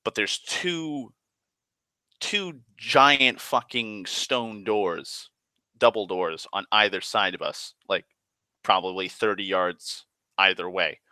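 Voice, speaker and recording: A man's voice: on the low side, takes it slowly, bright, forceful tone, dry recording. A man retelling a tabletop game session in a rambling, profane way, full of fillers and restarts. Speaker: storyteller.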